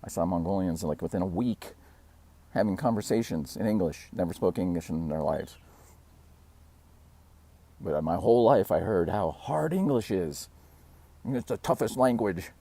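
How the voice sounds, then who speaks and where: A man's voice: deep voice, expressive, moderate pace, creaky, pauses often, warm tone. A man hosting his own channel, talking casually and rambling, laughing at himself and acting out quotes. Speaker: fitness channel host. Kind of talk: casual talking-to-camera vlog.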